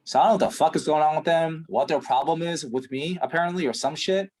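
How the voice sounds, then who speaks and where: A man's voice: on the high side, fast talker, a little mellow. A man playing a frustrated prospect in a sales call role-play, ranting and swearing heavily. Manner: ranting, profane, exasperated.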